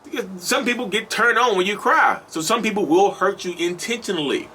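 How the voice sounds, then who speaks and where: A man's voice: sits high, a little fast, pushed and bright, a little hiss or hum. A man hosting a channel, talking straight to his viewers in a preachy, repetitive monologue and calling them y'all. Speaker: host of a channel on toxic relationships. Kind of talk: animated casual monologue to viewers.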